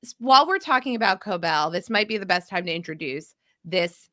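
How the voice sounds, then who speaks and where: A podcast host from the mid-Atlantic US chats casually, laughing and animated as she lays out a theory at length. Her mid-range voice moves a little fast, with clean studio sound and no room echo.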